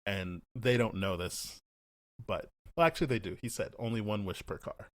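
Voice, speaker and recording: A man's voice: on the low side, no room sound. A young man co-hosting a podcast, talking casually and animatedly, often acting out what characters said. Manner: animated, acts out characters' lines in quick paraphrase. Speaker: podcast co-host. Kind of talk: casual chat.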